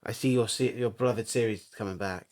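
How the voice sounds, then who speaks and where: A man's voice: lowish voice, steady tone, quick pace, a little mellow. A man co-hosting a casual podcast with a playful, teasing manner, given to sing-song repetition. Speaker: podcast co-host. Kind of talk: casual chat.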